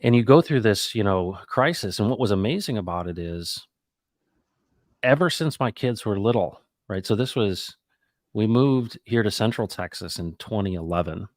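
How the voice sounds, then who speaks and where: A middle-aged man hosting a casual talk, reflective and animated, acting out the people in his stories. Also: fairly low pitch, normal speed, dry recording, studio quality. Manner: animated, acts out quoted dialogue; reflective, faith-minded musing. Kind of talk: casual conversational storytelling.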